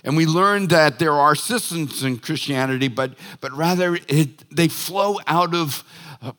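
A man's voice: medium pitch, fairly bright tone. A male pastor preaching a sermon in a chatty, joking way, often breaking off mid-sentence to restart. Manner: chatty, joking, self-interrupting. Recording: long reverb of a church hall.

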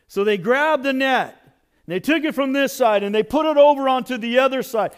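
A man pastor preaching a sermon in an animated, conversational storytelling way. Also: very high-pitched, moderate pace, smooth.

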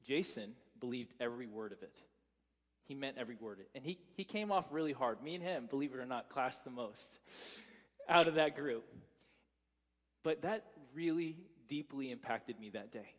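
A man's voice: mid-range voice, expressive, normal speed, big-room sound. A man in his thirties preaching a sermon as pastor, telling stories casually with many fillers and restarts.

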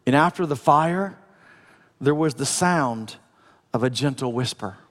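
A male pastor preaching a conversational sermon, swinging from loud, urgent passages to hushed, soft ones. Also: mid-range voice, unhurried, long reverb tail. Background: music.

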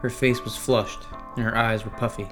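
A man's voice: medium pitch, flat delivery, normal speed. A man narrating a first-person horror story in a tense, dramatic way. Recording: narration over clear music. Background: music.

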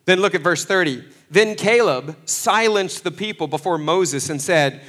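A man preaching a sermon, swinging between loud, fervent passages and hushed asides, acting out the voices he quotes. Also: high-pitched, animated, normal speed, hardly any pauses. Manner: acts out quoted voices with folksy phrasing. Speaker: pastor.

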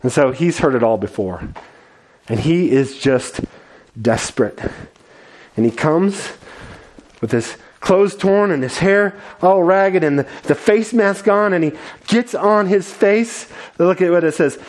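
Male pastor, slightly high voice, earnest, dramatic storyteller in a sermon. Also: a little slow, a little mellow.

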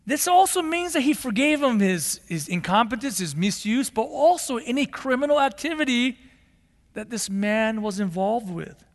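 A male pastor preaching a sermon in a church, telling the story in an animated way and acting out the characters. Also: extremely high pitch, normal speed. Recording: long hall reverb.

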